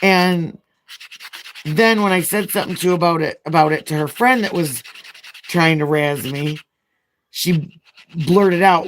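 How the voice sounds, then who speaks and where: A woman's voice: lowish voice, slow, pauses often, a little hiss or hum. A woman chatting casually as a nail vlogger while she does her nails, telling a long, frank, rambling story.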